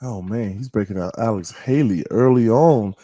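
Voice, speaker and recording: A man's voice: on the low side, moderate pace, mellow, no room sound. A man hosting an interview, playful and teasing as he asks questions. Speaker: podcast host.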